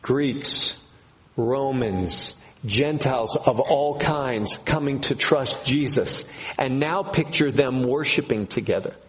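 A man preaching a sermon to his congregation, slow and emphatic, repeating key phrases. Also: mid-range voice, a bit bright, a little hiss or hum, rough recording. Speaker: pastor.

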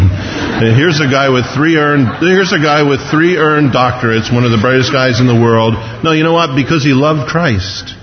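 A man's voice: medium pitch, slight background noise. A man preaching a sermon, telling stories in a chatty, self-mocking way and often laughing. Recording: echoey hall, dull lo-fi sound.

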